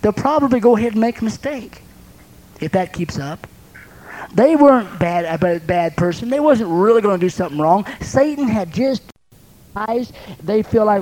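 High-voiced man preaching with lively storytelling. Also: normal speed, poor audio. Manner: lively storytelling, acts out scenes with sound effects; laughs between points. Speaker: preacher and counselor. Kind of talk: sermon.

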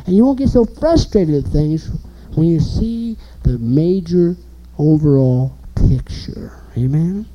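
A man preaching an informal sermon, animated and emphatic, asking the listeners questions. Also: a little high, slow, highs cut off, noisy background.

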